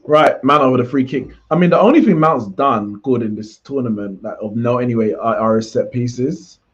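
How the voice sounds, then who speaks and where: A man's voice: medium pitch, normal speed, muffled recording. A man hosting a live football watchalong, chatting casually and reacting aloud to the play. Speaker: watchalong host. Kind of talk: live match watchalong commentary.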